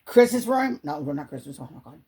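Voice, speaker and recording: A woman with a squeaky voice, chatting casually as a co-host and defending herself with giggles. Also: big pitch swings, moderate pace, mellow, slight background noise. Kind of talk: casual chat.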